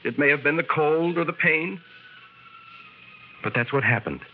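A man's voice: a little high, expressive, normal speed, a little hiss or hum, close to an everyday voice. A man giving a dramatic radio reading as a young wounded Marine writing home, earnest and wistful, over a tinny recording with music.

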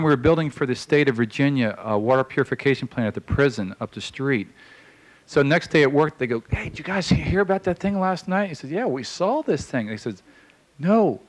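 A man telling a long personal story in a casual, halting way, with many fillers, acting out the voices of the people in it. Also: medium pitch, poor audio. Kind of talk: casual spoken anecdote.

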